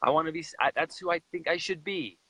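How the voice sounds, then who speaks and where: A young man from Utah tells a personal story as a chat guest, in an emotional, animated way. His voice is bright and forceful, and it sounds dry and close, with no room echo. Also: on the high side, quick pace, breathy edge.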